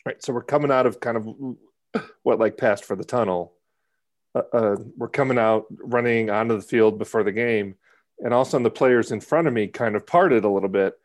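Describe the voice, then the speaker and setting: A man co-hosting a podcast, telling stories in a rambling, self-interrupting way with chuckles. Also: on the low side. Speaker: podcast co-host. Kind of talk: casual chat.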